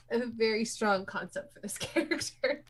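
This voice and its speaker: A woman's voice: a little high, husky. A woman playing a tabletop game, chatting casually and giggling as she picks skills. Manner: giggly, upbeat. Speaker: player.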